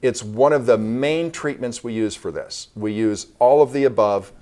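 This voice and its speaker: A man's voice: medium pitch, normal speed, mellow. A man, a doctor guest, explaining step by step in an interview.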